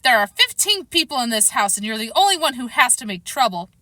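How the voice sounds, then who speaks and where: A stern, exasperated mother, as a woman reader puts her on, snapping out clipped commands at her son. The voice sits fairly high and bright, with a forceful edge. It is recorded dry and close, with no room sound. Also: sing-song, brisk, dry recording. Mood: scolding. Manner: sharp, scolding commands.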